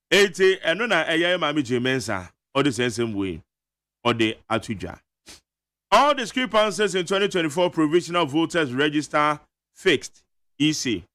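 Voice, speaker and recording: A man with a Ghanaian accent hosting a morning radio show, chatty and animated as he reviews the news and reads listener messages. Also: a little high. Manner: chatty, animated, frequent laughs and quick asides. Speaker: radio host. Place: radio studio. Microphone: studio microphone.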